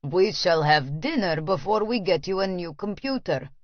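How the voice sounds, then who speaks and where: A woman reading puts on a stern Russian man in an audiobook. His lines sit low and slow, clipped and menacing. The recording is dry and a little dull. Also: expressive, no room sound, close to an everyday voice.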